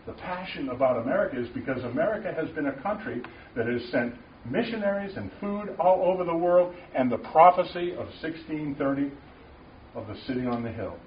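A man giving a passionate, emphatic Christian talk to a small group of men, often rising to loud declarations. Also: on the high side, expressive, fairly quick. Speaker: Christian speaker at a men's gathering. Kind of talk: informal preaching talk. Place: room with a small audience. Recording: distant, roomy, muffled with faint noise.

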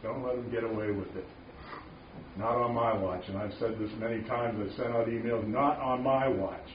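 A man's voice: on the low side, fairly even intonation, a little fast, reverberant. Emphatic male lay preacher, muffled distant recording with faint noise. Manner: passionate, emphatic, rising to loud declarations. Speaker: Christian speaker at a men's gathering. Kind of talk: informal preaching talk. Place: room with a small audience.

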